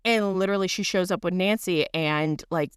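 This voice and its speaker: A woman in her thirties co-hosting a podcast, telling a story in a loose, rambling way with lots of fillers and the odd swear word. Her voice sits on the low side and is smooth and clear. The sound is dry and close, with no room echo. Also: moderate pace. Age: 30s. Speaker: podcast co-host. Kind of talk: casual chat.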